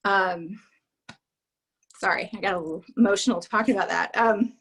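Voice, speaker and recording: A woman giving a talk, telling a personal story in an emotional, halting way and dropping to a hush at the saddest parts. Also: medium pitch, slightly rough. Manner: emotional, halting, drops to a hush at sad moments. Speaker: speaker at a business event.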